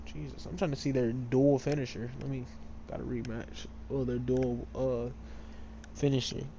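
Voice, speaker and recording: A man's voice: mid-range voice, level tone, normal speed, dark tone, a little hiss or hum. Rambling young-sounding man telling a story. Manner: filler-heavy, trips over names and corrects himself. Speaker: gamer retelling a fan story. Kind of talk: casual rambling storytelling while playing a game.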